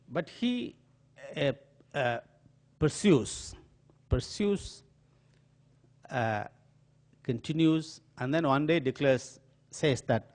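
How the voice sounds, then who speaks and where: Slow, animated Indian man telling stories. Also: on the high side. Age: older. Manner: animated, dramatic storytelling. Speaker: lecturer. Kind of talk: storytelling lecture. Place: auditorium.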